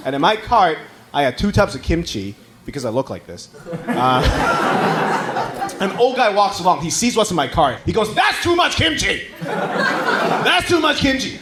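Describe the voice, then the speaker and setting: Man from Taiwan, stand-up comic, high lively voice, loud crowd laughing in a club. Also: a little fast. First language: Mandarin. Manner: animated, conversational storytelling. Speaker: stand-up comedian. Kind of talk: stand-up comedy set. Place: comedy club. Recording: live club recording with loud audience laughter.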